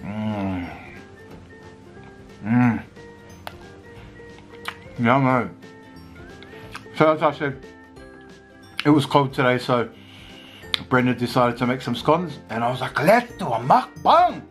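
A man's voice: medium pitch, very animated, slow, long pauses, soft background music. A man chatting casually at home as a family vlogger, eating and laughing between bites. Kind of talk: casual mukbang chat.

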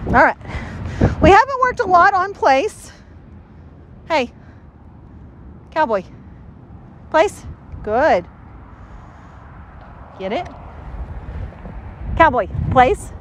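Upbeat woman trainer working a dog outdoors; high, animated voice with faint background noise. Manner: upbeat, giving quick commands and praise to a dog. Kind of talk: commentary during a dog training session. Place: outdoors near trees.

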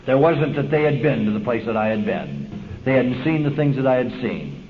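A man's voice: medium pitch, expressive, normal speed. A man giving a folksy, streetwise personal testimony at a recovery meeting, acting out the voices in his story. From Southern California. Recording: lo-fi 1970s tape recording, hissy.

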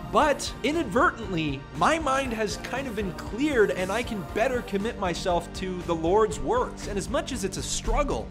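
A young man livestreaming in casual chat, excitable and earnest by turns. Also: sits high, normal speed, few pauses, over music. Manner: excitable, swings from earnest to joking.

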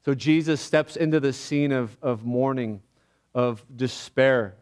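A man's voice: mid-range voice, a little mellow, clean tone. Earnest man preaching a sermon. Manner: earnest, reflective, often halting. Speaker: pastor. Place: church.

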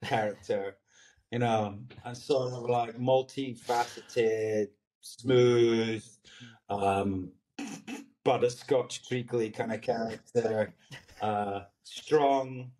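A man's voice: medium pitch, fairly even intonation, very slow, warm tone, a little hiss or hum. Rambling Scottish man in casual chat. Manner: rambling, searching for words, swearing lightly. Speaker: actor guest.

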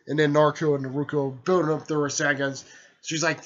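A man's voice: fairly high pitch, little pitch movement, fairly quick, lo-fi sound. A man casually retelling a story in a rambling way, tacking "there" and "stuff like that" onto his sentences.

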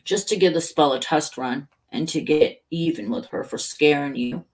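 A woman's voice: sits low, normal speed, a little mellow, close to an everyday voice. A woman voicing a woman speaking through a grizzled old male cop, gushing and theatrical.

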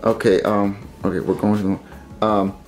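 A man's voice: fairly low pitch, steady tone, normal speed, a little mellow, faint music behind, natural voice. A man voicing a naive, eager male puppet in a comedy sketch, talking hesitantly and stammering as he agrees to everything.

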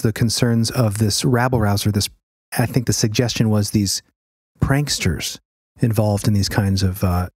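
A man's voice: on the low side, darkish tone, slightly rough, no echo, clean studio sound. A man co-hosting a podcast, chatting casually and a bit hesitantly as he explains history. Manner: rambling, hesitant, with fillers. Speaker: podcast co-host.

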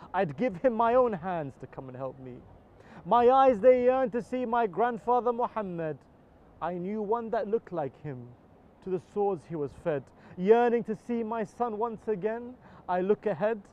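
A man's voice: high voice, a little mellow, dull audio. A man giving an impassioned religious poem recitation at a live outdoor event, his voice swelling on the big lines. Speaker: poetry reciter.

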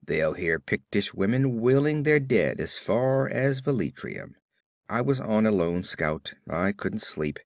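A man voicing a gruff, brawny barbarian warrior who talks in curt growls, read as an audiobook character. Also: lowish voice, very animated, measured pace, dry recording, studio quality.

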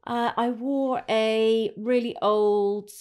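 A middle-aged woman telling her weekend news in relaxed, chatty detail. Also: a little high, slow pace, smooth. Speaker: podcast guest. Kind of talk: casual chat.

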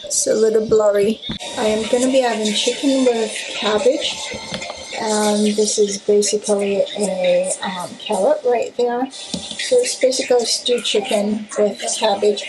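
A woman talks slowly and easily into a phone camera at her table, rambling with plenty of fillers while she eats. Her voice sits at an ordinary middle pitch and she keeps it casual, like a personal vlog. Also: noisy background. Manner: relaxed, rambling, with fillers, talking while eating. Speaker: health vlogger.

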